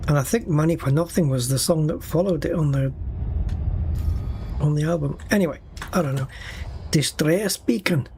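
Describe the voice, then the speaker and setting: A man with a slightly raised voice talks casually to himself while streaming a game at his home rig, his dry, wry asides falling in a relaxed flow. Faint game sounds hum behind him. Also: on the high side, brisk, vocal fry, pauses often. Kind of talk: casual livestream commentary. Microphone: desk mic at a gaming rig.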